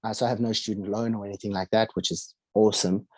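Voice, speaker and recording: A man's voice: lowish voice, little pitch movement, fast talker, a little mellow, no room sound. A young man from South Africa with a South African accent, a podcast guest telling his life story casually, acting out what others said to him. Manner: chatty, fillers and acted-out quotes.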